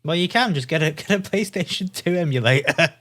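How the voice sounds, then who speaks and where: A man's voice: fairly high pitch, expressive, a little fast, fairly bright tone. A man co-hosting a casual gaming podcast, laid-back and plain-spoken. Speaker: podcast co-host.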